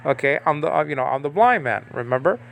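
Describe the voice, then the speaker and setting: Gravelly man teaching Hebrew letters. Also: a little high, lively intonation, fairly bright tone. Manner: halting, many fillers and restarts, chatty. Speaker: Bible language teacher. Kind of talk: informal screen-share lesson. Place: home in the Philippines.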